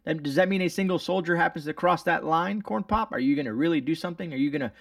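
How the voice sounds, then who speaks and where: A man's voice: on the high side, fast, vocal fry, a bit bright, no room sound, studio quality, distant mic. A man hosting his channel, reading news articles aloud and commenting on them in a rambling, sarcastic way with many fillers and restarts. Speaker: channel host.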